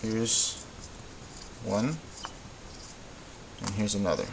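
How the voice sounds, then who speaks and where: A man with a lowish voice talks through a Spanish lesson in a relaxed, off-the-cuff way, pausing on ums and restarting his sentences. A faint hiss and occasional clicks sit under the recording. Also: creaky. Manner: relaxed, thinking aloud with many ums and restarts. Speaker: Spanish teacher. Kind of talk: casual classroom-style lesson.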